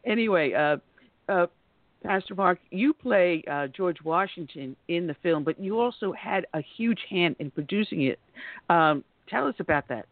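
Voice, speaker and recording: A woman hosting a talk radio show, hoarse from losing her voice, chatty and clearing her throat often. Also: lowish voice, expressive, normal speed, dry recording, narrow, tinny audio.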